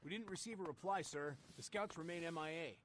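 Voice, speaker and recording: A man doing a high-voiced dutiful soldier. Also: brisk, a bit bright, lightly acted. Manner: formal report. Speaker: video game character.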